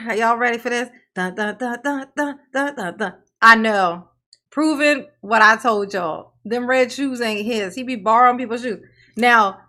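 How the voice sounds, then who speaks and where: Sassy, bright-voiced woman mocking a clip. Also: a little high. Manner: sassy, teasing, laughs often. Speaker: commentary channel host. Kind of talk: mocking reaction commentary.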